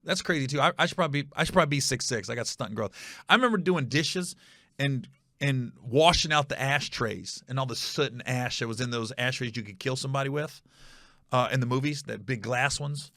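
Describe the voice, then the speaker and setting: A middle-aged man hosting a podcast, telling a story casually and animatedly, acting out other people's voices with high shouts. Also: brisk, dry recording, studio quality.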